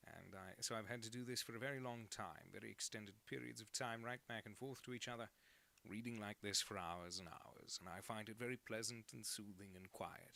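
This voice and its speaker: A man's voice: on the low side, steady tone, brisk, gravelly, pushed and bright. A cartoonist talking casually on a live stream, rambling and joking as he reads out chat messages.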